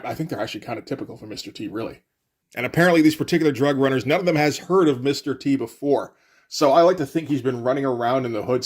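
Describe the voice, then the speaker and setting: A man talks through a comic book page by page in a loose, wry manner. He rambles and fills his pauses with "like" and "uh" without ever sounding rushed. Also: medium pitch. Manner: wry, rambling, frequent fillers. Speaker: comic reviewer. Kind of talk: casual comic commentary.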